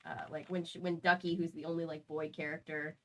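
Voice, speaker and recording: A woman's voice: low-pitched, flat delivery, fairly quick, fairly bright tone, low-quality recording. A woman hosting a casual stream chat, rambling along with lots of "like" fillers. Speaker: host.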